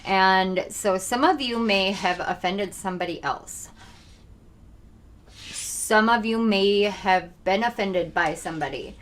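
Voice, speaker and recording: A young woman giving a channeled tarot reading to her viewers, talking fast, intense and earnest. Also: mid-range voice. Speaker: tarot reader.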